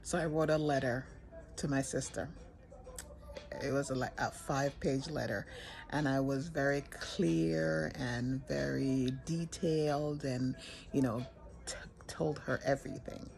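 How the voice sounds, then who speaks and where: An older woman telling a personal story in an earnest, halting way, often restarting her sentences. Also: extremely low pitch, fairly even intonation, creaky, a little mellow.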